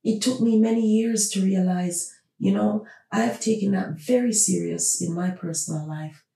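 A woman's voice: medium pitch, moderate pace, creaky, dark tone. A woman hosting a podcast, talking through her opinions with emphatic, repeated rhetorical questions. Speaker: podcast host. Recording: roomy, distant from the mic.

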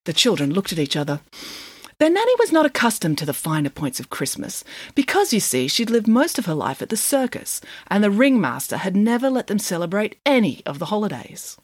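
A woman's voice: medium pitch, brisk, no echo. A woman playfully reading a children's story aloud as a storyteller. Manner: playful, lively read-aloud.

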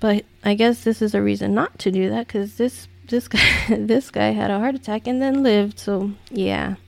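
Woman podcast host: mellow, gravelly voice, dry sound, rambling and exasperated delivery. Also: mid-range voice, fairly even intonation, normal speed, no echo. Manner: exasperated, rambling, many fillers and restarts. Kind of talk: casual commentary podcast.

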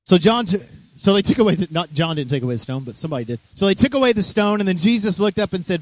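A pastor preaching a sermon with energy, joking asides and direct questions to the congregation. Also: male voice, high-pitched, expressive, fast talker, no echo.

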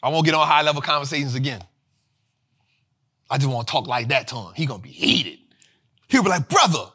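A man hosting a finance show, talking in energetic casual commentary, slangy and animated, repeating lines for emphasis. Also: medium pitch, fairly quick, breathy edge.

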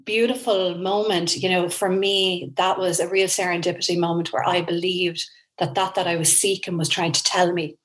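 A woman's voice: lowish voice, moderate pace, low-quality recording. Irish woman telling a heartfelt story. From Ireland. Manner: earnest, emotional, animated storytelling. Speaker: guest. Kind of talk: storytelling interview.

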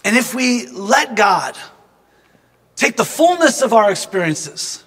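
A man's voice: high voice, sing-song, takes it slowly, fairly bright tone, breathy edge, big-room sound. A man giving a devotional reflection through personal storytelling. He is earnest and reflective and speaks directly to the listener.

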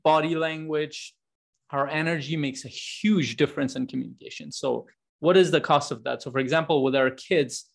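Gravelly, fairly high-voiced male podcast host. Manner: conversational and rambling, with frequent restarts and fillers. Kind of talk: casual podcast monologue.

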